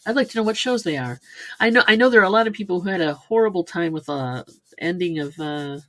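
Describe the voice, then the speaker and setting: A woman's voice: lowish voice, fast, no room sound. A middle-aged woman co-hosting a casual live chat, talking in a chatty, wry way with lots of asides. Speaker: co-host of a live chat stream.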